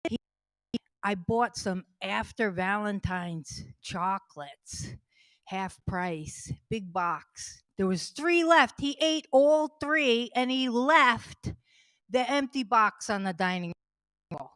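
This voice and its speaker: A middle-aged woman spins funny family anecdotes in a chatty, easygoing way, often laughing as she tells them. Her voice sits at an ordinary pitch for a woman, and the recording is dry and close. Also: lively intonation, slow, a bit bright, dry recording. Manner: chatty, laughs through her own stories. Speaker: storyteller at a fundraising stream. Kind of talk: casual comic anecdotes.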